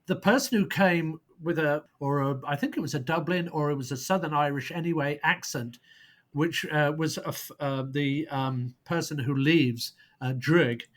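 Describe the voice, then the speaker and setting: A man with a fairly high voice talks in a loose, rambling way, often pausing to hunt for the right word. When he lands a point, it comes out blunt and dismissive. He sounds like a guest arguing his side on a podcast. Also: fairly bright tone. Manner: rambling, searches for words, blunt and scornful verdicts. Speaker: guest prosecutor on a film podcast. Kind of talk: casual podcast debate.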